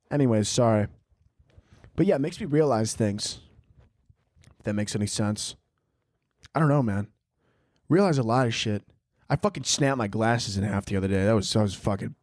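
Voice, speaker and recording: A young man with a lowish, slightly mellow voice rambles through his solo podcast late at night from a room at home. He speaks a little fast, cursing heavily and going off on goofy riffs. The audio is studio quality, with no room sound.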